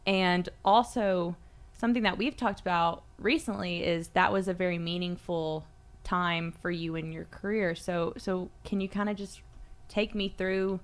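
A woman hosting a podcast interview in a studio, attentive and quick to laugh, asking questions. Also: lowish voice, steady tone.

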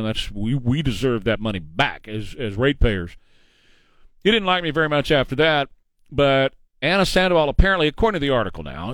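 A man's voice: medium pitch, no echo, clean studio sound. A man hosting a talk radio show, blunt and mocking in his opinions. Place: radio studio. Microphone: studio microphone.

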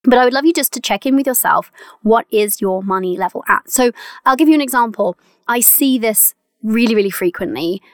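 A woman's voice: a little high, expressive, a little fast, no echo, clean studio sound. Chatty, encouraging woman podcast coach. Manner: chatty and encouraging, laughs often, calls listeners "my love". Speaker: money mindset coach and podcast host. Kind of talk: solo podcast coaching monologue.

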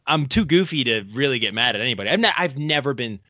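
A man's voice: mid-range voice, lively intonation, fast talker, sharp tone, no room sound. Young guy hosting a podcast, chatty and goofy, dull dry sound. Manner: rambling storyteller, laughing often, full of fillers. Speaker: podcast host. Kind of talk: casual chat.

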